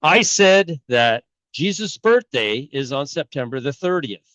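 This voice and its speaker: A man's voice: on the high side, lively intonation, measured pace, fairly bright tone, no echo. A middle-aged man talking casually and rambling, with many fillers and restarts, as a channel host. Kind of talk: casual talk on bible timelines.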